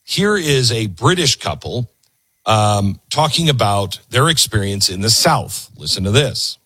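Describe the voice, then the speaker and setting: A man's voice: on the low side, measured pace, husky. A man hosting a commentary show, talking emphatically to his audience between video clips. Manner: animated, emphatic, talks to the audience.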